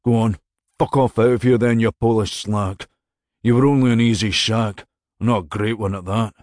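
A man's voice: low-pitched, steady tone, measured pace, husky, no echo, clean studio sound. A man playing a cruel middle-aged married man who dumps his mistress, simpering and condescending, then coarse and sneering. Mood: contemptuous.

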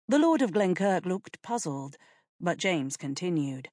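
A woman reads a historical novel aloud in an expressive, deliberate way. Her voice sits fairly low and moves through a lively range at a slow pace. The sound is dry and close. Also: dry recording. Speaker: narrator. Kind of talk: audiobook reading.

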